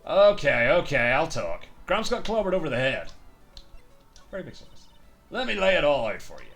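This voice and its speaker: A man's voice: on the high side, sing-song, moderate pace, creaky, soft background music, exaggerated voice. A man voicing a brash, sneering puppet. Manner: sneering, brash, loud insults. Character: foul-mouthed rude male ventriloquist puppet.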